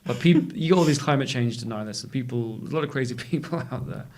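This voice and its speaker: Male co-host, relaxed conversational delivery, halting at times. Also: mid-range voice. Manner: conversational, hesitant with fillers. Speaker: podcast co-host, journalist. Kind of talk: casual chat.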